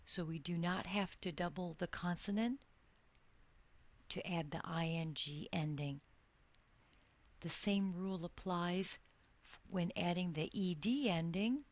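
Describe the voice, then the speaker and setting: A woman teaching English grammar in a recorded lesson, speaking slowly and deliberately and drawing out each example word. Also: fairly low pitch.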